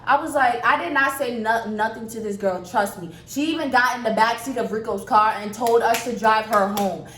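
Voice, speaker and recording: A young woman in her twenties telling a storytime vlog in an animated, profane and blunt way. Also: fairly high pitch, normal speed. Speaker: vlogger. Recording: roomy echo, faint noise.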